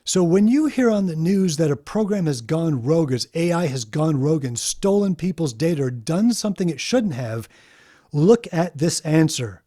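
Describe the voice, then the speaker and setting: A man hosting an explanatory video monologue, emphatic and deliberate, slowing down to stress key points. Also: a little high, expressive, mellow. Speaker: video host.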